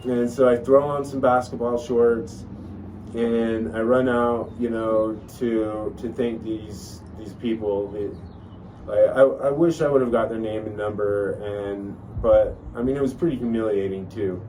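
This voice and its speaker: A man's voice: fairly low pitch, fairly even intonation, a little slow, mellow. A man telling a long personal story in a casual, rambling way, full of fillers and restarts. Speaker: podcast host telling a story. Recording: distant mic with faint noise.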